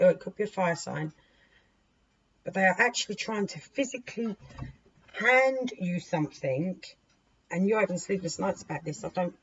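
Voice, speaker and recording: Dealing cards and talking to them as she goes, this woman offers viewers a loose, rambling tarot reading in a medium-pitched, slightly rough voice. Faint hiss runs through the dull lo-fi audio.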